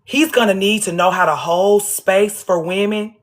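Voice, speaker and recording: A woman hosts a casual, unscripted livestream from home, speaking at a moderate pace in a medium-pitched voice. She's blunt and profane, driving her points home through repetition.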